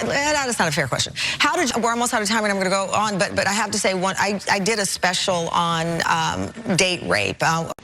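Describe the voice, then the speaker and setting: A woman hosting a live daytime talk show in a TV studio, energetic, conversational and sincere as she welcomes viewers and questions her guests. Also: lowish voice, slight background noise.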